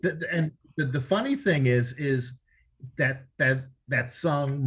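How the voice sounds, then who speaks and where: A man's voice: a little high, lively intonation, a little slow, fairly bright tone, slightly rough, muffled recording. A man, a drummer, telling anecdotes in a casual interview, rambling with frequent restarts and fillers.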